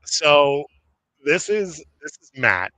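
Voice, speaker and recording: Slow, bright-voiced rambling male host. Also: fairly high pitch, very animated, dry recording. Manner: rambling, lots of fillers and laughs. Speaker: podcast host. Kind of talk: casual chat.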